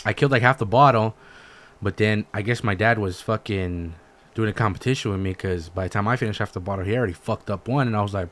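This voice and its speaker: A man's voice: on the low side, animated, fairly quick, a bit bright. A man co-hosting a podcast, telling stories in a laid-back, slangy, profane casual chat. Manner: laid-back slangy storytelling, lots of swearing. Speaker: podcast co-host.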